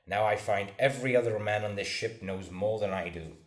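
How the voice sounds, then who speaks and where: Stern grumpy sea captain in a storybook reading, a guy doing the voice, low and blunt, echoey room. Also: a little fast, natural voice. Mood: gruff complaint. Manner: blunt, disapproving. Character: stern grumbling middle-aged male sea captain. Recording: roomy echo.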